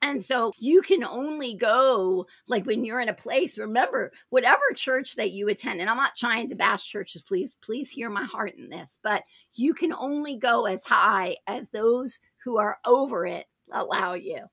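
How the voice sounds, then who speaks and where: A woman hosting a faith talk show, telling spiritual stories in an emphatic way, jumping into loud, high voices when she quotes people. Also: expressive, normal speed, vocal fry, few pauses, breathy edge, no room sound, clean studio sound. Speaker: host. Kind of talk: animated charismatic testimony chat.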